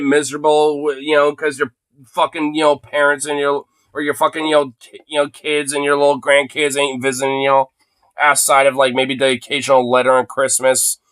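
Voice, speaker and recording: A young man with a slightly high, pushed and bright voice streams from his phone, reacting to a video. His commentary is a loose, profane rant packed with fillers, and the audio is studio quality with no room sound.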